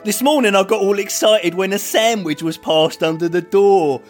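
A man's voice: high-pitched, normal speed, soft background music, close to an everyday voice. A man doing a whiny young footballer. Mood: self-pitying. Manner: mock-earnest diary reading, childish. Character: whiny young male footballer locked in a cell.

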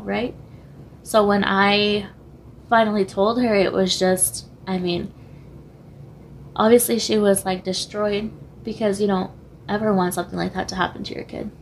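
A young woman with a hoarse voice, a podcast guest speaking candidly and haltingly, switching languages mid-sentence. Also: medium pitch, steady tone, a little hiss or hum. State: losing her voice, hoarse. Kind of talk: candid personal interview.

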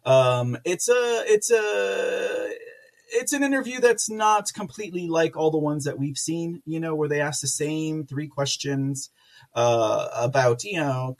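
Guy hosting a political stream, kinda high pitched, lots of uh and restarts, sarcastic jokes and loud laughs. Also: a little slow, vocal fry. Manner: rambling with many fillers and restarts. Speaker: podcast host. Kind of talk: casual political commentary livestream.

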